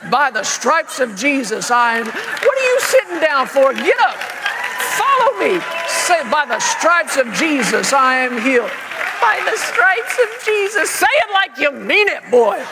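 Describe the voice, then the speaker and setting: A man voicing a stern, devout father who barks commands at his young son and shouts out a confession of faith. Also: very high-pitched, very animated, moderate pace, creaky, few pauses, in a large hall, over a noisy crowd, very noisy, full character voice. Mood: commanding, fervent.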